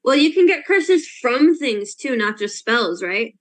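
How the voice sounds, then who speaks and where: A woman with a fairly high voice plays a student in an online tabletop game. She speaks hesitantly, with many likes and ums, and turns statements into questions. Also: big pitch swings, a little slow. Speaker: player. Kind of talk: tabletop role-play over a video call.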